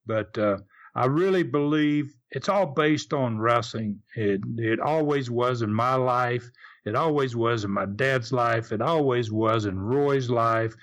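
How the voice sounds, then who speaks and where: A man's voice: medium pitch, a little slow. An older man with a Southern US accent, a retired wrestling promoter, telling stories in a casual interview in a rambling, folksy way with many restarts.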